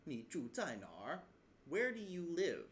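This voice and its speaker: A man's voice: fairly high pitch, wildly swooping pitch, unhurried, a little hiss or hum. A man teaching from his own language study in a casual video lesson, thinking aloud with fillers and restarts. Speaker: language learner explaining lessons.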